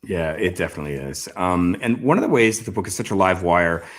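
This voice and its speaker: A man's voice: sits low, expressive, a little fast. A man interviewing an author, speaking in a thoughtful, rambling way with many fillers. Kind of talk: casual conversational interview.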